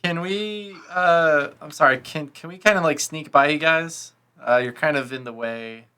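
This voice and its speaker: A man's voice: a little high, normal speed, bright, forceful tone, smooth. A man playing a character in a tabletop game, haggling in a hesitant, wheedling way. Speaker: player. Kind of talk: in-character roleplay.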